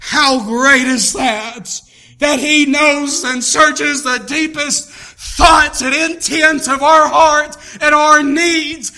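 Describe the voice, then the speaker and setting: High, bright-voiced preacher. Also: male voice, steady tone, takes it slowly. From Tennessee, US. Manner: impassioned preaching, rising to shouts. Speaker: pastor. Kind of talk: sermon.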